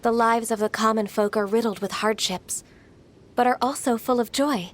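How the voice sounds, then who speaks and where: A woman voicing a shy, earnest half-divine young woman in a video game, soft-spoken and hesitant. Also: on the high side, moderate pace, lightly acted. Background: game music.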